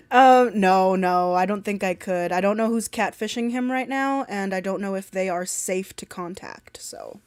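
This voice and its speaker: A woman's voice: mid-range voice, lively intonation, takes it slowly, dry recording. A woman from the Southern United States chatting casually on a stream, swearing freely, teasing, and laughing often.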